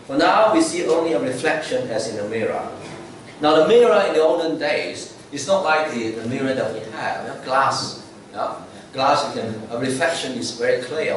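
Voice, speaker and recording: A man's voice: mid-range voice, slight background noise. A man giving a sermon as lay preacher, conversational, checking in with "okay?" and "right?". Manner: conversational, frequent "okay?" and "right?" tag questions. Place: church sanctuary. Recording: echoey church, mic far off.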